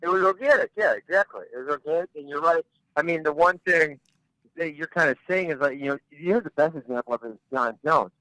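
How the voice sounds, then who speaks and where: Guy on a podcast, blunt and rambly, bright voice, kinda high, dry sound. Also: fairly quick, smooth, dry recording, low-quality recording. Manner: blunt, rambling, repeats words when starting. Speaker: podcast guest, fighter. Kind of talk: casual chat.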